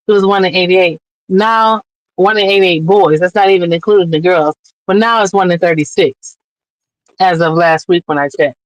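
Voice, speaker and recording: On a streamed interview show, a woman guest speaks as an impassioned, earnest advocate who sometimes comes close to crying. Her voice is medium in pitch, captured by a remote streaming mic in a low-quality recording with no echo.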